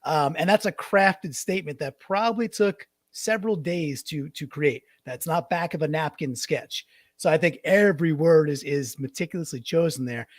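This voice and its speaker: A man's voice: a little high, moderate pace, no echo. A man co-hosting a casual sports podcast, rambling and restarting, mocking quotes with put-on voices. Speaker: podcast co-host.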